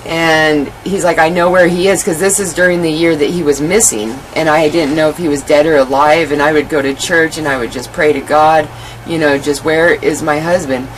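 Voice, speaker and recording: A woman's voice: low-pitched, fairly even intonation, moderate pace, slight background noise, rough recording. A woman guest in an interview, telling her life story candidly and animatedly, with many "you know" fillers.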